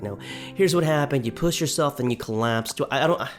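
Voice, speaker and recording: A man's voice: mid-range voice, fast, music in the background. Male let's-player, casual running commentary, self-deprecating, slightly out of breath. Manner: chatty, self-deprecating, talks to viewers. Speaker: let's play gamer.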